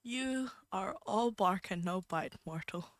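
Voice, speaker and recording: A woman's voice: mid-range voice, lively intonation, takes it slowly, no room sound. A woman reading a dry, teasing Grim Reaper.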